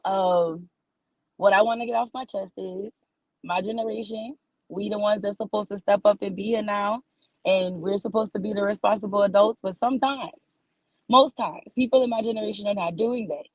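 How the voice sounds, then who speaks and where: A woman's voice: medium pitch, fairly even intonation, moderate pace, a little mellow, no echo, rough recording. A woman from New Orleans with a New Orleans accent, performing stand-up comedy in a folksy, scolding auntie tone that calls people baby. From New Orleans, USA.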